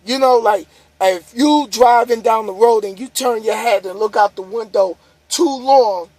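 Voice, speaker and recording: A man's voice: high-pitched, a little slow, a little mellow, no room sound. A tired man, a trucker vlogger, giving a casual, repetitive motivational monologue to the camera. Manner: casual, repetitive, preachy, building up emphasis. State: tired, yawning.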